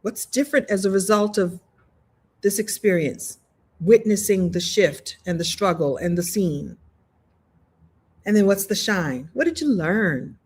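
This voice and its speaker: A husky-voiced woman talks on a live video call as host of a coaching challenge. She is animated and playful, acts out other people's voices in her stories, and laughs easily. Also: mid-range voice, unhurried. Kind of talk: live online workshop talk, storytelling.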